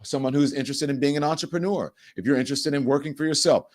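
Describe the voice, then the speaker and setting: A middle-aged man hosting a talk show, chatting loosely and repeating words as he goes. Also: fast. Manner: chatty, repeats words, swings from sponsor pitch to heated rant. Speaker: show host. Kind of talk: casual talk show monologue.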